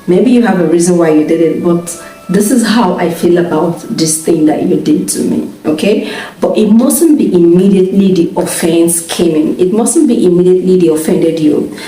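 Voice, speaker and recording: Brief: married woman vlogger, earnest advice on marriage, low warm voice, distant mic in an echoey room. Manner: earnest, repeats "okay?" often. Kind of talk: casual advice talk to camera.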